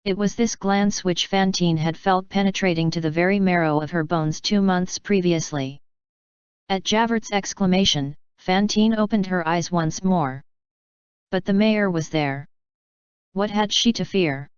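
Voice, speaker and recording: Low, crisp woman narrating a classic novel. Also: a little slow, no echo, highs cut off. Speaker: audiobook narrator. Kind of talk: scripted audiobook narration.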